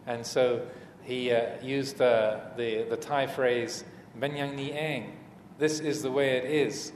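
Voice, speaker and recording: A man teaching as a Buddhist monk in a dharma talk, speaking hesitantly with many fillers and restarts and gentle humor. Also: medium pitch, fairly even intonation, slow. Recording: echoey hall, faint room noise.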